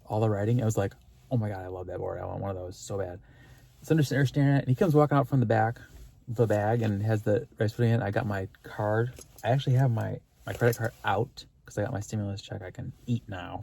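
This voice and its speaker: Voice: mid-range voice, creaky, dark tone. A vlogger telling a story in a rambling, gushing way, with many fillers and restarts and an earnest, spiritual tone. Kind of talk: casual storytelling vlog.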